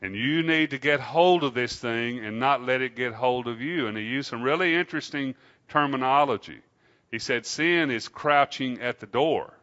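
A man preaching a sermon to his congregation in an unhurried, conversational way, often asking them questions. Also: mid-range voice, pushed and bright, muffled recording. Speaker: pastor.

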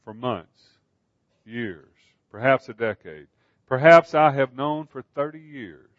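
A man voicing a weary aging king who speaks quietly and in a measured way, in a dull, dry recording. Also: mid-range voice, lively intonation, dry recording. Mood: resigned.

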